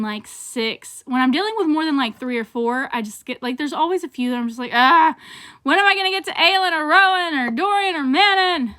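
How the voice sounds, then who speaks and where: A woman's voice: fairly high pitch, fairly bright tone. A young woman reviewing books on her vlog in a gushing, dramatic, chatty way. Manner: gushing and dramatic, with outbursts and laughs. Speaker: book vlogger. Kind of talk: casual book review vlog.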